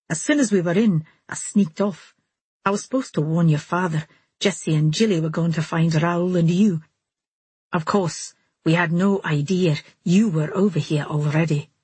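A calm, steady young man tells what happened in a gentle, earnest way, read by a woman. The voice sits low and soft with a breathy edge. The audiobook recording is close and dry. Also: normal speed, no room sound. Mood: wry.

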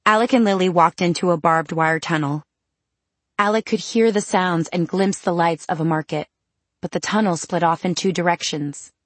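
A woman reading a fantasy novel aloud in a measured, even storytelling manner. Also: fairly low pitch, no echo. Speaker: audiobook narrator. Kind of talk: scripted narration.

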